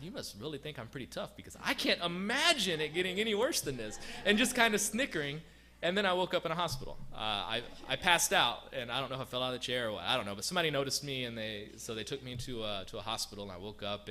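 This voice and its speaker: A man's voice: fairly low pitch, bright, forceful tone, a little hiss or hum. A young man, a guest missionary, telling a church congregation a personal story in a conversational, self-deprecating way, full of fillers and restarts. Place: church sanctuary.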